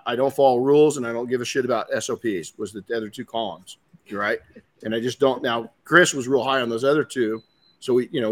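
A man's voice: mid-range voice, fairly bright tone. Middle-aged male podcast host, blunt casual storyteller, mid-range voice. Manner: blunt, swears, many restarts. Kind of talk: casual motivational talk.

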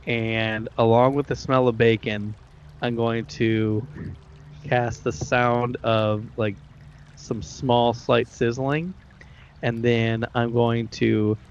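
A man's voice: medium pitch, level tone. Guy playing a tabletop game, lots of ums, muffled audio, bit of hiss. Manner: halting, with fillers and laughs. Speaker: player. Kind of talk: casual tabletop play.

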